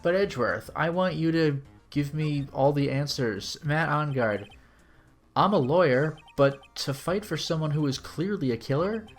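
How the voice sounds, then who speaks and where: A man's voice: fairly high pitch, lively intonation, moderate pace, soft background music. A man reading a flustered young lawyer. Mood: rattled. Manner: stammering, rattled. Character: flustered, earnest young male defense lawyer.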